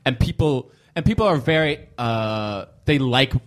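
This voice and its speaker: A man's voice: medium pitch, animated, a little slow. A man co-hosting a casual comedy podcast, thinking aloud as he talks. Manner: thinking aloud, many fillers and restarts.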